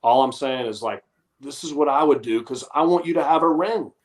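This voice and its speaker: Male guest, middle pitch, explaining plainly and owning his mistakes. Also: a little fast. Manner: explanatory, self-deprecating. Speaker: guest, former punter. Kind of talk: casual sports chat.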